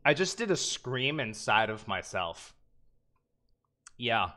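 A man streaming a horror game, narrating nervously, cursing, hushing himself and chatting with viewers. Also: mid-range voice, sing-song, takes it slowly. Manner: jittery, swearing, shushing the screen, nervous laughs. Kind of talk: live gameplay commentary.

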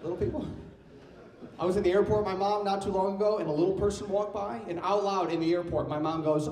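A man's voice: high-pitched, fairly quick, noisy background. Brash young man doing stand-up. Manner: brash, loose, playful crowd talk. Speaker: stand-up comedian. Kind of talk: stand-up comedy set. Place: comedy club stage. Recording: roomy live club sound, distant mic. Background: audience laughter.

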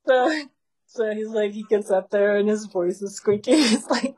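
A woman teaching a small group in a casual storytelling way, animated and laughing often as she talks. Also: a little high, measured pace, pauses often, husky, rough recording. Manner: animated, laughing often while telling stories.

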